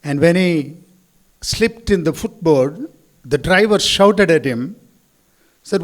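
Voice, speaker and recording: A man's voice: on the high side, expressive, slow, long pauses. Man telling stories in a speech. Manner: storytelling, acting out quotes. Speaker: school chairman. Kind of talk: speech at a school event. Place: school hall.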